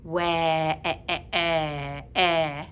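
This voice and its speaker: A woman teaching young children their letter sounds, drawing out each vowel and repeating it slowly so they can copy her. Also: sits low, flat delivery, fairly bright tone, a little hiss or hum. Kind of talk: early reading phonics lesson for young children.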